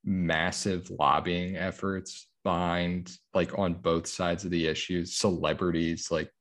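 Deep-voiced man, dry joking co-host. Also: little pitch movement, takes it slowly, a bit bright. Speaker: podcast co-host. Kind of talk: casual chat.

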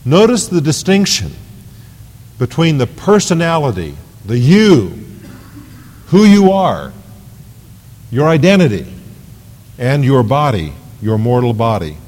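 A man delivers a sermon at an unhurried, deliberate pace, stressing key words and repeating phrases. His pitch moves animatedly up and down. The voice carries a long, echoing reverb, as if recorded in a large hall. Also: big pitch swings, darkish tone. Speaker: pastor. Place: church sanctuary.

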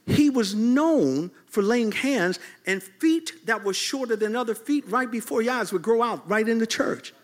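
A man preaching a lively storytelling sermon to a congregation in a church, swinging from low asides to loud high shouts and laughing often. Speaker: bishop, preacher. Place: church service before a congregation.

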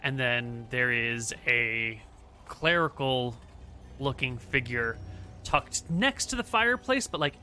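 A man's voice: mid-range voice, bright, forceful tone. A man narrating a tabletop game as game master, describing scenes in a loose conversational way.

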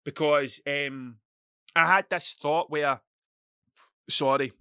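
Speaking slowly and clearly, a Scottish man hosts a rambling, sweary podcast monologue from his desk at home, telling stories animatedly. His high-leaning voice has a resonant tone, with clean studio sound and no room sound.

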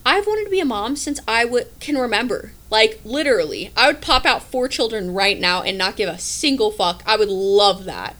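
Chatty, profane young woman with a bright pitch. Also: normal speed, few pauses. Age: 20s. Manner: animated, swears freely, rambling asides. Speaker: podcast host. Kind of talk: casual solo podcast chat.

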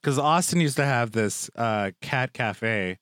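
A man's voice: mid-range voice, lively intonation, a little slow, fairly bright tone, smooth, no room sound, clean studio sound. A young man hosting a casual chat, rambling and joking with lots of filler words. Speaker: podcast host.

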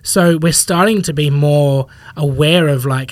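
Chatty man, slightly high voice. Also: a little slow, few pauses, no echo. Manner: rambling, acts out imagined people's thoughts in quotes. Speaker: podcast guest, fitness professional. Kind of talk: casual conversational interview.

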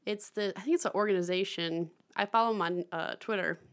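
A woman's voice: medium pitch, brisk. A young woman co-hosting a film podcast, chatting casually with lots of fillers, restarts and laughter. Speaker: podcast co-host. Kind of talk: casual chat about films.

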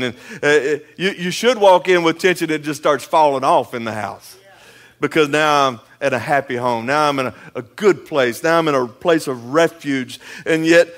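A man, preaching as a pastor in a folksy, conversational way, moving between loud emphasis and quiet asides. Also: on the high side. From East Texas. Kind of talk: sermon.

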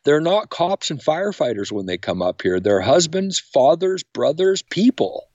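A middle-aged man speaking as a podcast guest, energetic and acting out quotes with big jumps in pitch. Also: moderate pace, no room sound. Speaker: podcast guest, camp founder. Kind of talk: animated interview talk. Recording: dry, slightly dull sound.

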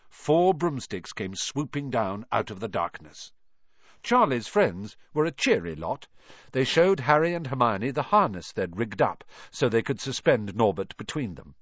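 A man reading a story aloud in an expressive, lively way. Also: mid-range voice, dry recording. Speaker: reader. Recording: dull dry recording.

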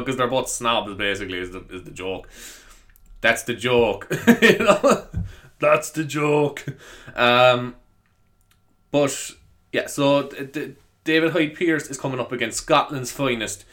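A man's voice: on the low side, bright, forceful tone. A young man hosting a podcast, chatting casually and rambling, often laughing and swearing. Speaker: podcast host. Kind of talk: casual solo podcast chat.

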